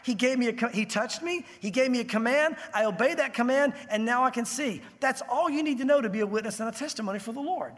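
A man preaching a sermon as a pastor, telling the story with animated acted-out voices. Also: very high voice, fast, hardly any pauses, big-room sound.

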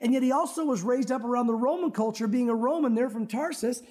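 High-voiced man preaching a sermon. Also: fast talker, a little mellow. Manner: conversational, joking asides to the congregation. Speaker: pastor. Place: church sanctuary.

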